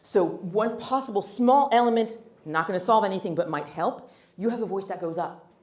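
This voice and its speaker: A woman's voice: medium pitch, normal speed, darkish tone. A woman giving a live workshop talk, blunt and emphatic with wry humor. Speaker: workshop speaker. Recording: roomy hall.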